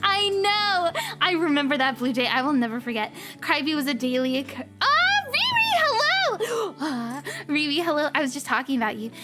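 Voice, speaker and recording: High-voiced gushing woman streamer. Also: brisk, loud music behind the voice. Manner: gushing, emotional, giggly. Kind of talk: casual livestream chat.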